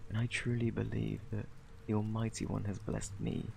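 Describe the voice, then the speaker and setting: A British man voicing a gentle, protective male alien parent in a whispered role-play. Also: fairly low pitch, little pitch movement, normal speed, slight background noise. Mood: tender hush. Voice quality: soft, breathy, tender. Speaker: ASMR performer.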